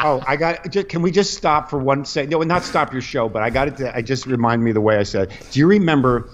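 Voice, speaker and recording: A middle-aged man, a comedian guest, telling a long rambling story on a podcast, animated and full of restarts. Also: medium pitch, a little fast, hardly any pauses, slight background noise. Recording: dull lo-fi podcast audio.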